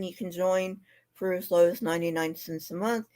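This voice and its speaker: A woman's voice: on the low side, mellow. A sleepy, yawning woman with a slightly sore throat, reading scripture aloud on a live stream and then signing off in loose, chatty talk. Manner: plain and unhurried, drops into loose chatty fillers.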